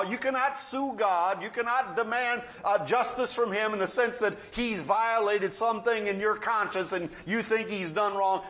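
Middle-aged pastor, high voice, folksy storytelling preacher who drops to hushed asides. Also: male voice. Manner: storytelling preacher, swings between loud emphasis and quiet asides. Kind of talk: sermon.

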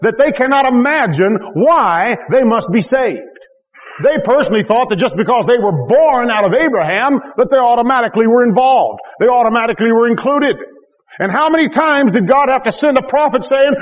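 A man's voice: extremely high pitch, big-room sound. A man pastor preaching a sermon to his congregation, emphatic and repetitive, with joking asides. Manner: emphatic, repeats key phrases with rising intensity. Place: church.

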